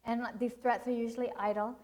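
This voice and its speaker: A woman's voice: a little high, flat delivery, fairly quick, darkish tone, poor audio. Earnest woman teaching a parenting seminar. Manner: earnest, storytelling with acted quotes. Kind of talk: seminar talk with personal stories.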